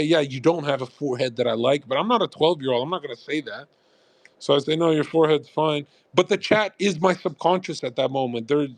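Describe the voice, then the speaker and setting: A man on a live stream rants at his chat in a blunt, rambling way, cursing freely. His voice sits a little high for a man and has a gravelly, frying edge. The sound is close and dry on a condenser mic. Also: dry recording. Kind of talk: casual livestream rant. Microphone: USB condenser mic.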